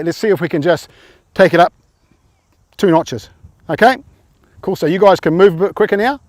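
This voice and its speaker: A man's voice: fairly high pitch, a little mellow, no echo. A man coaching rugby players through tackle drills, informal and encouraging, often quizzing them.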